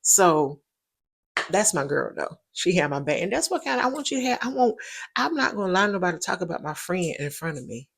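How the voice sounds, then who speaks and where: A woman's voice: fairly low pitch, very animated, brisk, creaky, slightly rough. Chatty woman storyteller. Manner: chatty, emphatic, repeats points for stress. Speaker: show host. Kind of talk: casual storytelling monologue.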